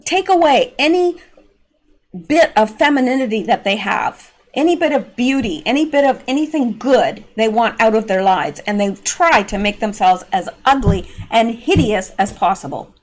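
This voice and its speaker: A woman's voice: fairly high pitch, animated, normal speed. A woman hosting an opinionated political commentary vlog, talking in a sarcastic, mocking, exasperated way. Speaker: political commentary channel host.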